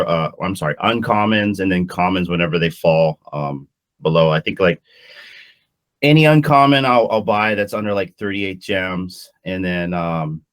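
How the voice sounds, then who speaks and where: Very deep-voiced man chatting casually. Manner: relaxed, halting with fillers. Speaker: podcast panelist. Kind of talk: casual chat.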